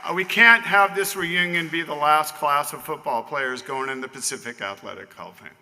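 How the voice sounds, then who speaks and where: With a fairly high, pushed, bright voice at a moderate pace, a Southern Californian man in his fifties delivers a chatty acceptance speech as a Hall of Fame inductee. He calls out to people in the audience at a banquet hall dinner, and the room's long reverb carries through.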